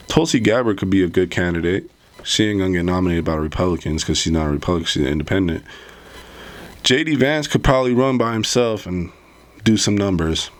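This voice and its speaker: A man hosting a commentary vlog, talking in a rambling, conversational way and calling his viewers "bro". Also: on the low side. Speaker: political commentary vlogger.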